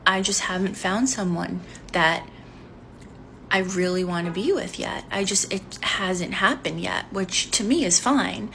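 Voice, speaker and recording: A woman's voice: mid-range voice, creaky, fairly bright tone, slight background noise. A woman in her forties speaking frankly in a candid vlog monologue, telling a personal story in a blunt, unfiltered way. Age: 40s.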